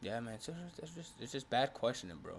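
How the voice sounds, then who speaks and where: A young man from Texas, co-hosting a podcast, telling stories in an animated way, swearing freely and laughing often. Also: mid-range voice, fast talker, vocal fry. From Texas, USA. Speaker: podcast co-host. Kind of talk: casual chat.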